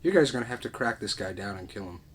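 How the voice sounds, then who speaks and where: A man reading the lines of a goofy-looking kid in a comedy script read, in a flat comic way. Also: fairly low pitch, very fast, slight background noise, close to an everyday voice.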